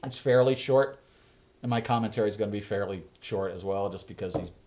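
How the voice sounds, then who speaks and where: A man's voice: lowish voice, brisk, a little mellow, reverberant, a little hiss or hum. A man hosting a reaction video, talking casually with blunt, profane asides.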